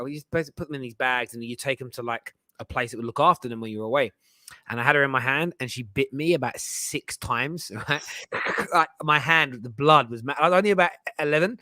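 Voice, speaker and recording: A man rambles through casual podcast stories, full of slang and restarts. His voice is bright and forward. The sound is close and dry, with no room around it. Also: medium pitch, no room sound. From England. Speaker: co-host.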